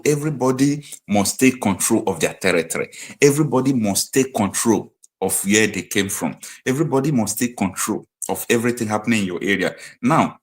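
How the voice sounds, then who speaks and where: A man with a Nigerian accent hosting a live political commentary stream, emphatic and hammering his points home by repeating them. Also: fairly low pitch. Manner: emphatic, repeats key phrases like a preacher.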